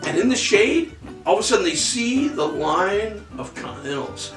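High animated man telling history. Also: normal speed, distant mic. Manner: profane, animated, vivid storytelling. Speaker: history podcast co-host. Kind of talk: casual storytelling chat. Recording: echoey room, off-mic, faint music.

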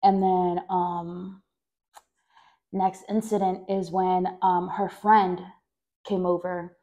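A woman's voice: flat delivery, slow pace, dull audio. Woman from Mexico telling a personal story. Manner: rambling, self-correcting, heavy on "like" fillers; acts out quoted voices louder and higher. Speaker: podcast host.

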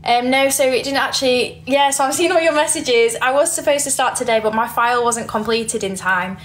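Brief: giggly young Yorkshire woman, a bit high, phone livestream, faint noise. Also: brisk, fairly bright tone. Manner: chatty, giggly, reads comments aloud. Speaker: livestreamer reading viewer comments. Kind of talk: casual livestream chat.

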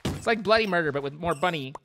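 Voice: mid-range voice, expressive, fast talker, fairly bright tone, slight background noise. A young adult streamer giving playful, rambling live commentary over a game, breaking into squeals of mock panic.

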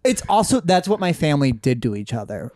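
A man's voice: fairly high pitch, very animated, a little fast, darkish tone, no room sound, clean studio sound. A young man co-hosting a comedy podcast in casual chat, rambling and laughing through his stories. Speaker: podcast co-host.

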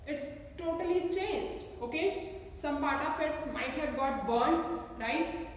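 Slow echoey teacher with an Indian English accent. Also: female voice, sits high, lively intonation, slight background noise. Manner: slow, patient, asks the class many rhetorical questions. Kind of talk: classroom science lesson with demonstrations. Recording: echoey room, recorded from a distance.

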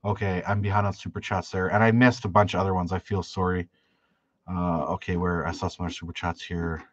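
A man's voice: deep voice, flat delivery, fairly quick, lo-fi sound. A man from Canada hosting a fishing channel live stream, rambling through stories with restarts and answering viewer chat.

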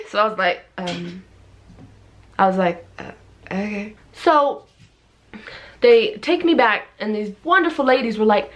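Young woman vlogging a storytime, mid-pitched, acts out all the people in it, voice jumps way up. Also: expressive, unhurried, pauses often. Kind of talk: casual storytime.

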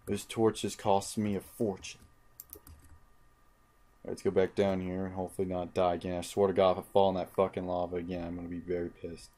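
A young gaming channel host provides let's play commentary on his own playthrough, muttering, frustrated, and swearing constantly. His low, dark voice is brisk and level in tone.

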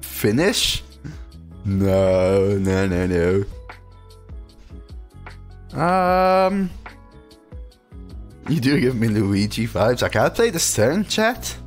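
A man's voice: lowish voice, sing-song, drawn-out words, pauses often, faint music behind. A man streaming a card game, chatting casually and reading viewer messages aloud between plays. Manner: casual, chatty, reads chat aloud and answers it.

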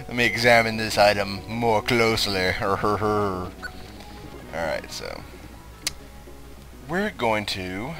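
A young man commentating on his own gameplay, cursing and shouting at the game. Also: lowish voice, slow pace, pauses often, soft background music, low-quality recording. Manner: profane, excitable, shouts and curses at the game. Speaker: let's play host.

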